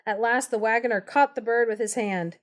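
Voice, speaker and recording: A woman's voice: a little high, fairly even intonation, brisk. A woman telling a fairy tale on a live stream, narrating steadily and breaking off for playful, giggly asides. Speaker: storyteller, podcast co-host.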